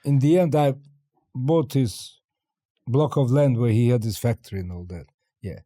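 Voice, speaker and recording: An older man from China, a guest in an interview, telling stories in a lively way and acting out the dialogue. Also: medium pitch, moderate pace, dry recording, studio quality. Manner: animated storyteller acting out dialogue, laughing often. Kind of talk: interview storytelling.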